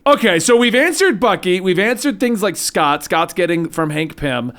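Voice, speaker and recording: A man's voice: high voice, lively intonation, moderate pace, a bit bright. A man co-hosting a casual podcast, joking around and steering the topic along. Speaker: podcast co-host. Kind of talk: casual comic-book chat.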